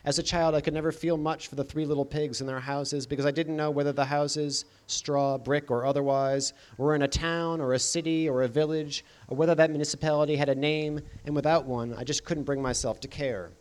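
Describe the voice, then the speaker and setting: A man reading first-person scripted narration in a deadpan, dry comic manner. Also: a little high, fairly quick, hardly any pauses. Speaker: audiobook narrator.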